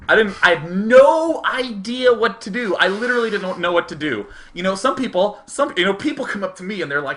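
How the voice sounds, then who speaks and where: Man, show host, casual comedic storytelling, lively swooping pitch, fairly high voice. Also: brisk, few pauses. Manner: animated, laughs often, breaks into silly voices.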